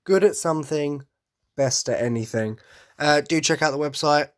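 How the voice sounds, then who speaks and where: A man's voice: a little high, normal speed. A man hosting a podcast in a casual monologue, rambling and enthusiastic, often stopping to correct himself. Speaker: podcast host.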